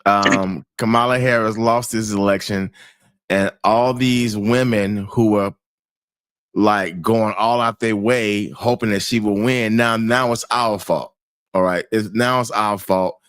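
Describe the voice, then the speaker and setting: A man hosting a casual chat, speaking in a halting, conversational way and repeating words. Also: fairly low pitch, fairly even intonation, fairly bright tone, smooth, dry recording. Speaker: host.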